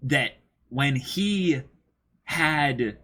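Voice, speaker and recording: A man co-hosting an anime reaction show, chatting casually and working through ideas slowly with restarts. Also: medium pitch, lively intonation, a bit bright. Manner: thoughtful, builds ideas slowly with restarts and fillers.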